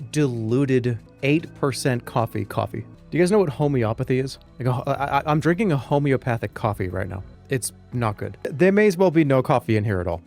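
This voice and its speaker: Man rambling jokingly on a livestream. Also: mid-range voice. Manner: joking, rambling rants with sudden loud outbursts. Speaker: streamer. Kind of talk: casual livestream chat.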